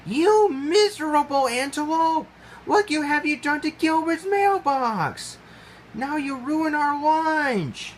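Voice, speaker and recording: A man doing a squeaky shrill female critter. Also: expressive, measured pace, hardly any pauses, fairly bright tone, a little hiss or hum. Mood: furious. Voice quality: high squeaky. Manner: shrieking indignant scolding.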